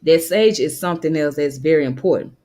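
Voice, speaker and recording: Laid-back male presenter with a slightly high voice, reading and commenting on history. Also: fairly quick. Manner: relaxed, reads aloud and comments loosely. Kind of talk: casual talk reading from a web page.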